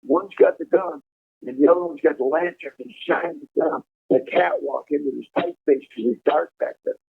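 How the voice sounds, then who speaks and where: A man telling a profane, animated prison story over a prison phone call. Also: on the high side, moderate pace, vocal fry, slightly rough. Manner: profane, animated storytelling, laughing at his own tale. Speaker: incarcerated caller telling prison stories. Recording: tinny phone line.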